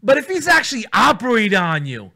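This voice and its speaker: A man's voice: high-pitched, fast talker. A middle-aged man co-hosting a radio show, telling crude comic stories full of swearing and acted-out voices. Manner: profane, animated storytelling, acts out voices. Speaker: radio co-host. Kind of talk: casual comedic banter.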